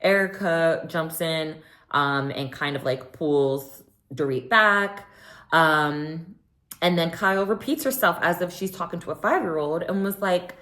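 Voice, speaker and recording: A woman's voice: sits low, a little slow. A young woman casually recapping a reality show, chatty and opinionated. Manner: chatty, opinionated, animated quoting. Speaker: recap vlogger.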